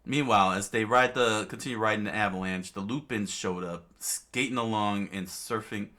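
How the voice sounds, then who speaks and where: A man casually reading a comic aloud, halting with many fillers and restarts and chuckling now and then. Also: on the low side, bright, forceful tone. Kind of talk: casual read-aloud narration.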